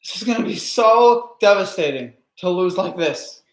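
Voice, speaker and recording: A man's voice: high-pitched, expressive, moderate pace, reverberant. A man reacting live to a ballgame as a fan streamer, anxious and pleading, with heavy sighs.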